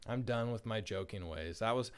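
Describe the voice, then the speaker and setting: A man voicing a mischievous young shepherd boy in a storybook tale, shouting in high, frantic cries. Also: normal speed, clear, resonant tone, close to an everyday voice. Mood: scheming.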